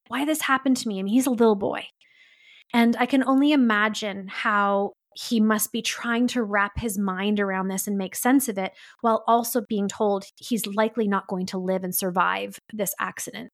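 A woman hosting a podcast, telling a story in an earnest, heartfelt way. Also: mid-range voice. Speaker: podcast host. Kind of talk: solo podcast monologue.

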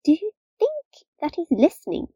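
A woman's voice: very high voice, wildly swooping pitch, normal speed, warm tone, dry recording, clean studio sound, heavily acted. A woman in an amateur radio comedy sketch, playing a naive young companion who asks wide-eyed questions. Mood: wondering.

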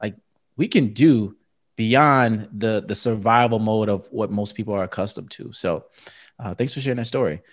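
A man hosting an interview, asking supportive, halting questions of his guest. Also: on the low side. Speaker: podcast host. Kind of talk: conversational interview.

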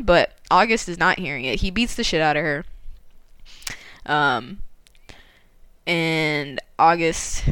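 A woman's voice: deep voice, slow pace, long pauses, fairly bright tone, smooth, no room sound. A woman casually retelling a story, chatty and laughing often, with lots of fillers.

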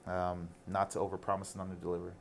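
A man's voice: deep voice, completely flat delivery, fast talker, vocal fry, slight background noise. A man in his thirties, a guest on a casual interview, telling stories candidly and animatedly, with some casual swearing.

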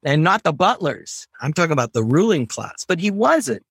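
An emphatic American man speaks as a professor guest, rambling from point to point with lively conviction. His voice sits a little high for a man. The sound is dry and close, with no room echo. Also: moderate pace, slightly rough. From United States. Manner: animated, emphatic, digressive. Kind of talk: casual interview talk.

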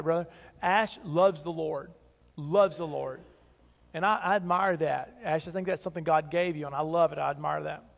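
A man's voice: high voice, vocal fry. A man preaching a sermon as pastor, talking in an earnest, conversational way with emphatic repeats, in a church sanctuary. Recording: long hall reverb.

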